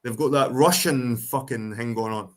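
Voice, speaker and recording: Scottish male streamer, foul-mouthed, loose and rambling, mid-pitched voice. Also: moderate pace. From Ireland, raised in Scotland. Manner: profane, rambling, reads chat aloud. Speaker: livestream host. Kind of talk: casual livestream chat.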